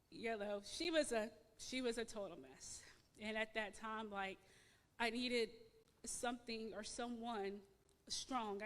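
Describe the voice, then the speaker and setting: A woman giving a personal testimony in church, halting and emotional, repeating words with many fillers. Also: mid-range voice, a bit bright, big-room sound. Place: church sanctuary.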